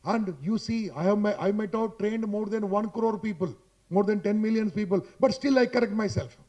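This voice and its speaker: Indian english guy coaching a crowd on public speaking, high-pitched but mellow, keeps saying boss. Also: moderate pace, lo-fi sound. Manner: emphatic and repetitive, ends points with "boss"; chatty, addresses listeners directly. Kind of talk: motivational talk to a live audience. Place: hotel conference hall.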